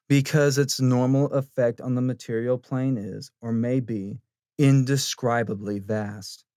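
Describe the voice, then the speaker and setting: A man reading occult letters aloud in a measured, solemn way. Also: mid-range voice, no room sound, clean studio sound. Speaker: audiobook reader.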